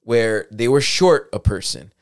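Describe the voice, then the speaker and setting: A man's voice: mid-range voice, animated, measured pace, heavy background noise. Joking man steering a podcast chat. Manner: joking, acts out imagined dialogue, steers topics. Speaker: podcast co-host. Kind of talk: casual chat.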